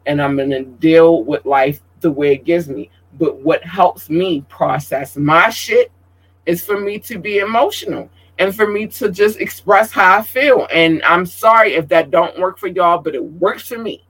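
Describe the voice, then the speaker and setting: A man's voice: high voice, a little slow, fairly bright tone, husky, poor audio. A man hosting a casual livestream, talking in an emotional, outspoken and profane way. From Georgia, USA. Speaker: livestream host.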